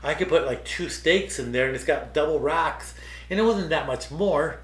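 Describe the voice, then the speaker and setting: Man, podcast co-host, casual rambling chat, says dude a lot, fairly high voice, echoey room. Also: moderate pace, fairly bright tone. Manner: rambling storyteller, lots of "like" and "dude". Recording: roomy echo.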